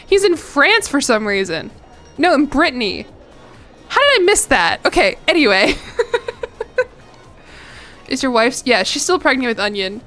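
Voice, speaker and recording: A woman with a slightly high voice gives loose, chatty commentary while she plays a strategy game on stream. She reacts quickly, swears freely and laughs between moves. Faint music plays behind her. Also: a bit bright. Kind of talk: casual gameplay commentary.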